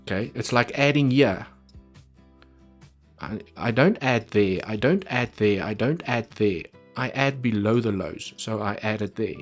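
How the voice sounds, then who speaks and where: A man's voice: on the low side, measured pace, soft background music. A man talking casually through trading charts on a live stream, chatty and repeating points for emphasis.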